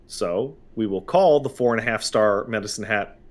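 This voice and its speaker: A man's voice: fairly low pitch, moderate pace. A man from Montreal with a Canadian accent, telling stories animatedly as a podcast host. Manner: animated, jokey storytelling. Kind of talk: casual podcast chat.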